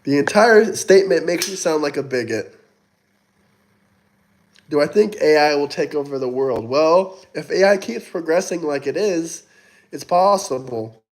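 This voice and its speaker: Hosting a casual livestream, a young man reads chat aloud and fires back mocking, taunting replies laced with frequent swearing. His voice is fairly high, expressive, and moderately paced.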